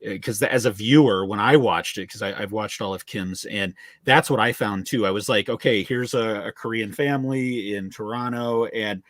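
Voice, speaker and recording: A man's voice: lowish voice, normal speed, hardly any pauses, fairly bright tone, dry recording, clean studio sound. A man hosting a podcast, chatting casually with a guest in a rambling way, full of fillers and agreeing noises. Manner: rambling, frequent fillers and affirmations. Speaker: podcast host. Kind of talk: casual interview chat.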